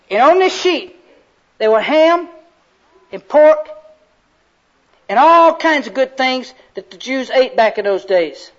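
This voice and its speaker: A man's voice: very high voice, fairly bright tone. A man preaching a sermon in a fervent, folksy storytelling way. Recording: slightly muffled recording.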